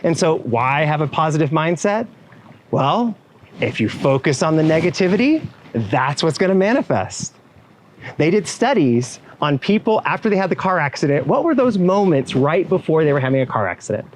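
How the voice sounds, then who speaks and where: The recording is low quality with a little hiss or hum, capturing a man whose voice sits on the high side at a moderate pace. In an animated motivational keynote for event professionals, he talks straight to the crowd with plenty of asides, performing the voices of clients and inner thoughts he quotes.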